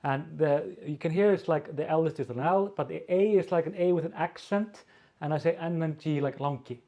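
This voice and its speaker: An editor-in-chief with an Icelandic accent co-hosts a casual Q&A over video call, speaking haltingly with many fillers and restarts. His voice is a little high and warm, and the sound is lo-fi.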